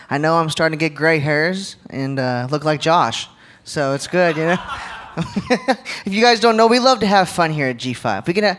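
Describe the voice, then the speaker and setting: Upbeat man with a high voice, church talk, keeps asking the crowd questions. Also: fairly bright tone. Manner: jokey, engages crowd with questions. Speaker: church leadership speaker. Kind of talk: live church leadership talk. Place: church gathering, live audience.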